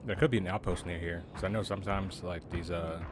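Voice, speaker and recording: A man's voice: low-pitched, steady tone, quick pace, background noise. A man chatting casually with a friend while playing, offhand and talking to himself as he goes. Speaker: co-player. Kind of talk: casual gaming chat over voice chat.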